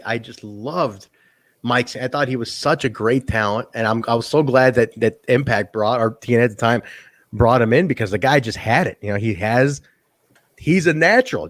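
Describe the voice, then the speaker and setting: A man's voice: medium pitch, normal speed, no echo. A man hosting a podcast, chatting enthusiastically about old wrestling shows. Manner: chatty and enthusiastic, many restarts. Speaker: podcast host. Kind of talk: casual chat reviewing old wrestling shows.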